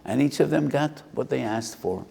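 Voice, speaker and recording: A man's voice: medium pitch, expressive, normal speed, gravelly, warm tone, slight background noise. An older man, a rabbi, giving a sermon, telling a parable with Hebrew phrases and acting out both sides of a dialogue. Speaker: rabbi giving a Torah lecture. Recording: roomy hall with long reverb.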